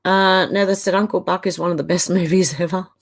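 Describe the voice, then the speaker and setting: A woman's voice: on the low side, steady tone, fairly quick. A middle-aged Australian woman hosting a casual live stream, chatting loosely and reacting with exasperated asides while reading viewer comments aloud.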